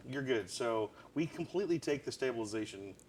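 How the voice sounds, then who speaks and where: A man's voice: mid-range voice, expressive, a little fast, darkish tone, a little hiss or hum. Chatty man hosting a live stream. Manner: chatty, quizzing his co-host. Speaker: show host. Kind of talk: casual live-stream chat.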